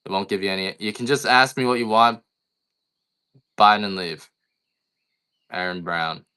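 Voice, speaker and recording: A middle-aged man talks casually and bluntly on a livestream, wandering from one complaint to the next. His voice sits low in pitch yet has a tense, bright edge. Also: normal speed, clear, resonant tone. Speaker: coffee farmer selling on a livestream.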